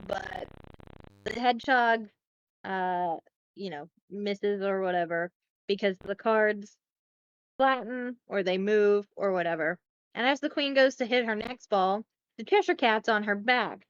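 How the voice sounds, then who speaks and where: Woman podcast host, casual rambling recap, clear resonant voice, dry close sound. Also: medium pitch, a bit bright, no echo, muffled recording. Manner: chatty, swearing, rambling with fillers and self-corrections.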